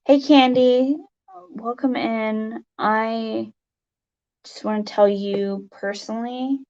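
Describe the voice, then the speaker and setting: A woman livestream host chatting casually to her viewers, emotional and teary, halting with many fillers. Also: a little high, steady tone, a little mellow, lo-fi sound. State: teary, sniffling. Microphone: webcam mic.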